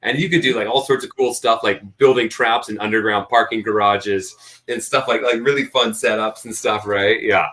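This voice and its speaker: Bright-voiced man, rambling guest. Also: fairly low pitch, fairly even intonation, normal speed. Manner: rambling, hesitant, with many fillers and restarts. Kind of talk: casual chat.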